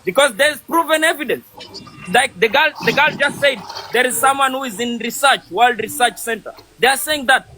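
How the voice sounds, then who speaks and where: Insistent high-voiced man on a call. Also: moderate pace, pushed and bright, slight background noise. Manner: insistent, repeats points. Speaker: coffee trainer. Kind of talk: heated live debate.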